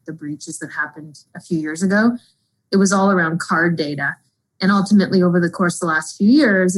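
Fluent woman fraud expert, lowish voice. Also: rough recording. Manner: fluent, explanatory, uses "kind of" often. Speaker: interview guest, fraud expert. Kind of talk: interview answers.

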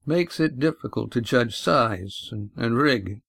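A man voicing a calm male sailor who keeps his voice carefully in control. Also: medium pitch, measured pace, gravelly, dry recording, studio quality, heavily acted. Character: calm, steady male sailor, jib hand.

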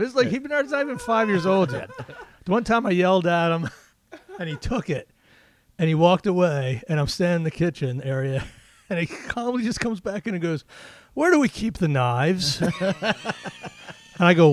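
Animated storytelling man. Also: high-pitched, moderate pace, slight background noise. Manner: animated storyteller acting out his kids' lines. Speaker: guest comedian. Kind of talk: casual podcast chat, telling stories.

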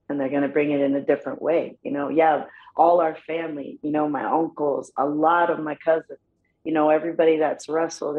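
A woman's voice: low-pitched, phone-quality sound. A woman, a guest on a podcast, chatting casually in a loose, slangy way, often saying "bro" and "you know what I'm saying.". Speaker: podcast guest, pro wrestler. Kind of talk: casual interview chat.

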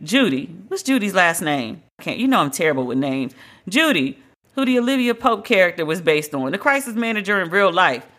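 A podcast host giving solo celebrity-news commentary in a dramatic, emphatic, slangy and profane way, with drawn-out exclamations. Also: medium pitch, sing-song, fairly bright tone.

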